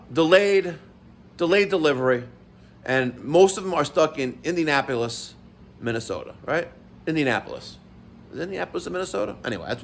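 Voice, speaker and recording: A man's voice: a little high, fairly bright tone. A middle-aged man, ranting casually to camera about delayed mail, swearing and exasperated. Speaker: vlogger.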